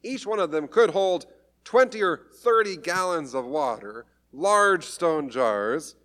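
A man's voice: a little high, expressive, slow pace, fairly bright tone. A man preaching a sermon, retelling a story in a conversational way with light humor. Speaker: pastor.

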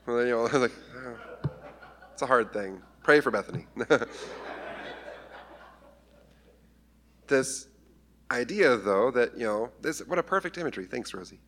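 A man's voice: mid-range voice, pushed and bright. A man preaching a conversational sermon, acting out scripture voices with humor. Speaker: pastor.

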